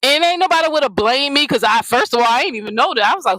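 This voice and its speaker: A woman with a slightly high voice rants on her own channel, blunt and mocking, swearing freely as she calls people out. The sound is dry and close, with no room echo. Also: animated, fast, fairly bright tone. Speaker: channel host. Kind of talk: confrontational vlog rant.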